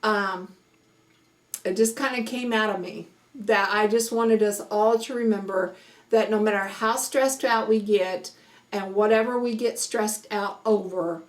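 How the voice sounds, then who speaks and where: A woman's voice: mid-range voice, steady tone, a little slow. A middle-aged woman homestead vlogger talking earnestly to camera, half preaching, with many "you know"s. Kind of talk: casual vlog talk with a preachy streak.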